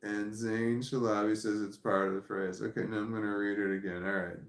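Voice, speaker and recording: A man's voice: lowish voice, level tone, brisk, few pauses, echoey room. A man hosting a casual livestream, reading viewer comments aloud and rambling about them with frequent laughs. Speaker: livestream host reading chat.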